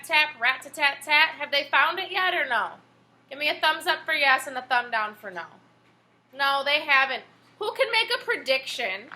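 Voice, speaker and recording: A woman's voice: sits high, sharp tone, a little hiss or hum. A woman elementary teacher leading an online class on a video call, patient and encouraging with young students. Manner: patient, encouraging, asks questions. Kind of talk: online class read-aloud.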